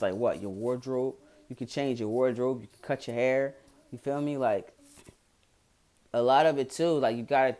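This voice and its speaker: A young man with a Philadelphia accent talks straight to his viewers in a casual vlog. His voice sits at a middle pitch. He is frank and blunt and swears freely. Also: darkish tone. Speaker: vlogger.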